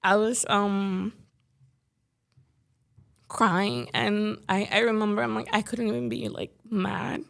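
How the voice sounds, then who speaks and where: A woman's voice: medium pitch, fairly even intonation, slow pace, vocal fry, pauses often, a bit bright. A young woman from Chicago, a podcast guest, talking in a casual, chatty way and leaning heavily on "like" and "you know". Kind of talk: casual interview chat.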